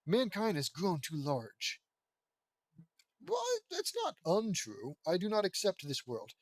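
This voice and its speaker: A cold old mad scientist villain speaks slowly and grandly, as a man reads his lines from a fan-fiction story. The voice sounds dry and close, with a fairly high pitch for a man. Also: huge pitch swings, no room sound, heavily acted. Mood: grandiose.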